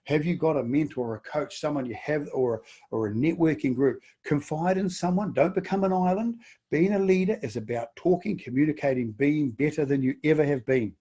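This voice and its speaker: A man's voice: on the high side, brisk, dark tone, breathy edge. A middle-aged man with a New Zealand accent, a business coach giving a webinar, emphatic and full of rhetorical questions. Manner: emphatic, repeats words and fires off rhetorical questions. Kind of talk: webinar presentation.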